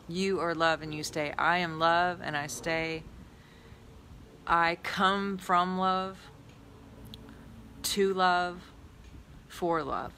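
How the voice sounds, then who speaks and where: A woman's voice: low voice, bright, forceful tone, slight background noise. A woman giving a spiritual talk and leading a guided visualization, earnest and repetitive, lingering on key words. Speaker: spiritual teacher.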